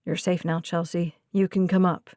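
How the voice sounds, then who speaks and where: A woman voicing a calm, protective young man who talks in short, clipped phrases, in an audiobook. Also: on the low side, normal speed, no echo, clean studio sound, pitched below the performer's own voice, natural voice.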